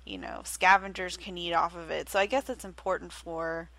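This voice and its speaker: Bright-voiced Southern US woman, chatty. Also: fairly low pitch, steady tone, moderate pace, no room sound, low-quality recording. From Southern United States. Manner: curious, chatty, playful. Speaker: podcast co-host. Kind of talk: casual chat.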